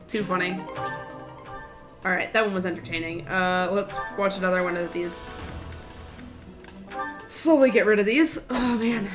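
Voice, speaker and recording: A woman's voice: mid-range voice, measured pace, pauses often, over music. A woman streamer making chatty, giggly asides in casual gaming commentary.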